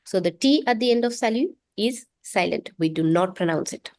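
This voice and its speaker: A patient woman teaching an online French class, her voice at an ordinary middle pitch. She spells out sounds slowly and has students repeat them after her. The recording is dry and close, with no room sound. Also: expressive, a little mellow, no room sound. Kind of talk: online language lesson.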